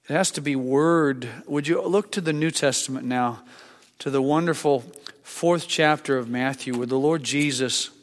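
An older man preaching a sermon as a pastor, conversational and halting, with frequent restarts. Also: medium pitch. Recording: long hall reverb.

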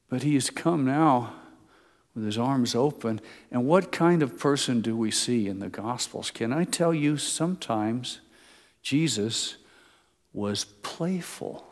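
A man preaching a sermon, retelling a story, swinging between loud emphasis and soft, slow asides. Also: medium pitch, expressive. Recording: long hall reverb.

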